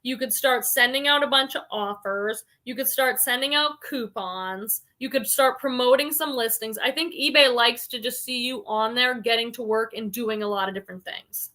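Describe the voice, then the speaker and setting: A woman's voice: fairly high pitch, normal speed, hardly any pauses, pushed and bright. A woman hosting a casual livestream, chatting freely with lots of "like" and "um" and reading viewer comments aloud. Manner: frequent "like" and "um" fillers. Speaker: reseller livestream host.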